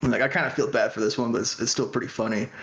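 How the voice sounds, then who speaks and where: A man telling a story in a casual podcast chat, animated and laughing, acting out loud crowd voices. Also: mid-range voice, rapid-fire, reverberant, muffled recording. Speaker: podcast guest.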